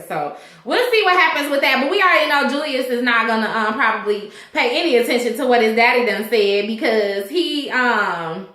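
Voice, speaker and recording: A woman's voice: high-pitched, pushed and bright, echoey room. A woman recapping a TV episode in a rambling, chatty way. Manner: rambling, chatty, acts out characters' lines. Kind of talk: casual recap chat.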